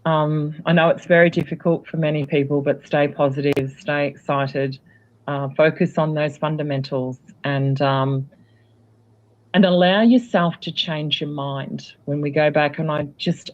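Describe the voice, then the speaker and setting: A man talks as a guest in an easygoing chat, circling his points with fillers and restarts. His voice sits at an ordinary pitch. The recording sounds dull and lo-fi. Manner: rambling, hesitant with many fillers. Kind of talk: casual chat.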